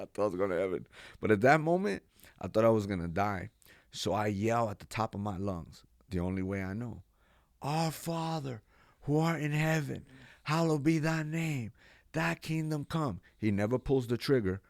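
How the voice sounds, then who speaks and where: A man from Texas, a pastor and podcast guest, telling his life story in a lively, animated way, acting out what people said and laughing now and then. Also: on the low side, dry recording, clean studio sound. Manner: animated storyteller, acts out quotes, laughs often. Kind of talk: storytelling interview.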